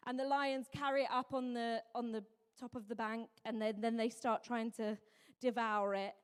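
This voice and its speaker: A young woman gives a sermon in a high, bright voice. She tells stories in a loose, chatty way, full of asides. Her voice carries a long reverb from a church hall. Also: steady tone, moderate pace, clean tone. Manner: chatty, self-mocking storytelling with many "like"s. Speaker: preacher.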